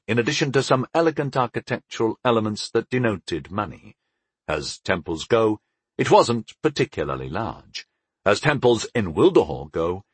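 Husky-voiced man narrating a fantasy tale. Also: fairly low pitch, no echo. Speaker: audiobook narrator. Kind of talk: first-person fantasy audiobook narration.

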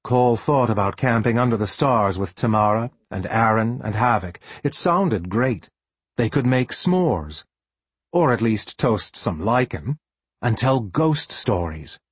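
A man reading a storybook aloud as an audiobook narrator with expressive storytelling. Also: medium pitch, unhurried, husky, dry recording. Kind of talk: scripted narration.

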